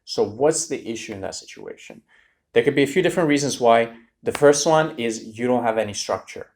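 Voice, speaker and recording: A man's voice: mid-range voice, fairly quick. A man coaching students for a speaking exam, talking directly and energetically to viewers. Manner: direct, energetic, addresses viewers as "you guys". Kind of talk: tutorial lesson to camera.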